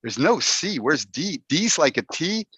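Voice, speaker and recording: A man's voice: a little high, very animated, a little slow, pushed and bright, breathy edge, dry recording. A man giving a playful, humorous talk to a Toastmasters club over a video call, putting on mock dismay as he goes. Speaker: Toastmasters speaker. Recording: dull, dry video call audio.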